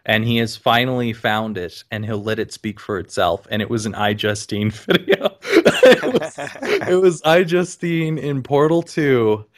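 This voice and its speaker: A man chatting on a casual podcast, his voice swinging high and low as he tells a story, with many ums along the way. He breaks into squeaky high laughs when something amuses him. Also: unhurried. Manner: animated storyteller, frequent ums, bursts of high-pitched laughter. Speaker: podcast guest.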